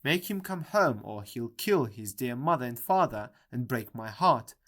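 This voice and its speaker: A man doing a loud, wailing young woman. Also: mid-range voice, expressive, measured pace. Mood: pleading. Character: distraught young woman feigning sisterly grief. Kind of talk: audiobook character reading.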